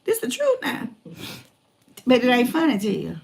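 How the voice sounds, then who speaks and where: Animated storytelling woman in her forties. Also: a little high, moderate pace, gravelly. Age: 40s. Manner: animated, repeats herself for emphasis, colloquial. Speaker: motivational speaker. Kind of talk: comic personal storytelling.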